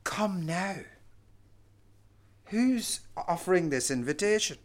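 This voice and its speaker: Slow, emphatic male preacher. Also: high-pitched, lively intonation. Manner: slow, emphatic preaching with dramatic dynamic swings. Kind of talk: sermon.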